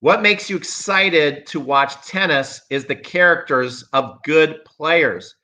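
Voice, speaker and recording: A man's voice: on the high side, slow pace, sharp tone. A man hosting a casual livestream as a tennis coach, reading viewer comments and giving emphatic, opinionated takes, often repeating himself for effect.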